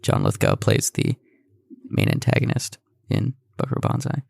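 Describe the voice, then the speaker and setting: A man's voice: a bass voice, huge pitch swings, creaky, dry recording, studio quality. A man co-hosting a podcast in casual chat, joking around with film references. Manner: jokey, quick with film references. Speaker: podcast co-host.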